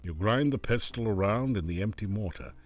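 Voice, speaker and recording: A man narrating a video game in a dry, measured tone. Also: lowish voice, lively intonation. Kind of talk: scripted narration.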